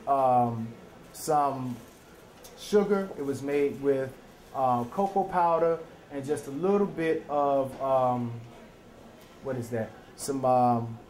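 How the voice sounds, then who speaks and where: A man's voice: mid-range voice, darkish tone, a little hiss or hum. Chatty man teaching cooking, echoey room. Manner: chatty, folksy, checks in with "okay?". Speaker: culinary teacher. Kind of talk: live cooking demonstration.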